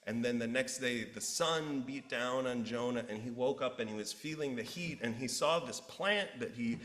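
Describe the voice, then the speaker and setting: A male pastor preaching a sermon, an animated storyteller who acts out the characters. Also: medium pitch, normal speed. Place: church sanctuary. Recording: roomy church echo.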